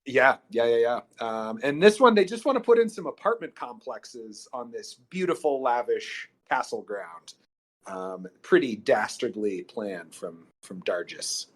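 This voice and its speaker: A man's voice: medium pitch, sing-song, a little slow, a bit bright. A man co-hosting a podcast, casually retelling a movie plot with lots of ums and loose, rambling asides. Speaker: podcast co-host. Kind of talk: casual movie recap chat.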